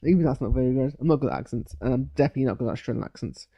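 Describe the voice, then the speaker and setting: Rambling man with a mellow voice. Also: medium pitch, racing, creaky. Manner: rambling, many restarts and fillers. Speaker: show reviewer. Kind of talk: casual live reaction commentary.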